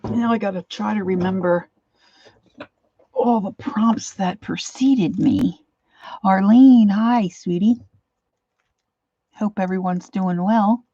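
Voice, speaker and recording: Older woman, host of an art livestream. Chatty and warm toward viewers, greets each by name. Slightly muffled, dry computer-mic sound. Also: medium pitch, slow, pauses often, no room sound. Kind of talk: casual livestream chat. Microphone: computer mic, set far from her face.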